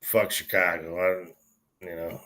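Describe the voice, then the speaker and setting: A man's voice: sits low, flat delivery, slow, pushed and bright. A man co-hosting a podcast, blunt and heavy with swearing in a casual chat over beers. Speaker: podcast co-host.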